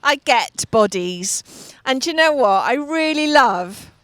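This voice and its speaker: Middle-aged lady, bit high voice, chatty storyteller, laughs a lot. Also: slow, clear, resonant tone, no echo. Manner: lively storyteller, laughs often, acts out voices. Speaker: TV show co-host and fitness business owner. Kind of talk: chatty anecdote on a studio show.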